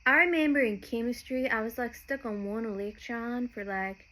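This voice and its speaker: A young woman from Nashville, Tennessee hosts a podcast in a slightly high, pushed and bright voice at a moderate pace, captured on a rough recording. Chatty and meandering, she frequently interrupts herself and restarts her sentences.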